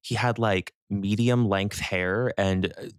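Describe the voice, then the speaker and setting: A young man co-hosting a podcast in casual chat. He tells a story in a loose, rambling way, full of fillers and asides. His voice sits fairly low, and the close mic leaves it dry. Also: fairly even intonation, slow pace, clear, resonant tone, no echo. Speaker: podcast co-host.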